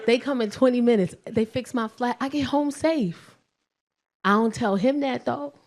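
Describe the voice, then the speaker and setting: A middle-aged woman works a comedy club stage with a high, bright voice. She tells blunt, profane stories on a handheld mic and laughs often as she goes. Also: normal speed. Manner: brash, profane storytelling with frequent laughter. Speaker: stand-up comedian. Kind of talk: stand-up comedy set. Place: comedy club stage before a live audience.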